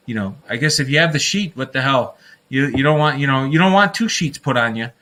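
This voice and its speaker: Guy ranting on his livestream, bright punchy voice, rambles, laughs at his own jokes. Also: medium pitch, expressive, brisk, slight background noise. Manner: addresses listeners as folks. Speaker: livestream host. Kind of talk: casual livestream rant.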